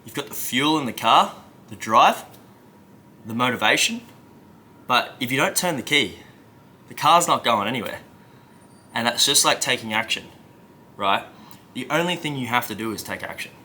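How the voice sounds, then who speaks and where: A man's voice: mid-range voice, expressive, moderate pace, long pauses, bright, forceful tone, slight background noise. A man coaching viewers in an emphatic, conversational motivational talk, often checking in with "right?". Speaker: self-help coach.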